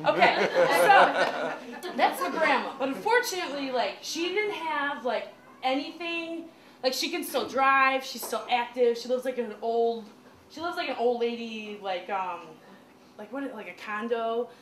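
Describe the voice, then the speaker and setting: A woman doing stand-up storytelling in a small comedy club, chatty and animated, full of "like" fillers. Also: fairly high pitch, moderate pace. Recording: echoey club room with crowd noise.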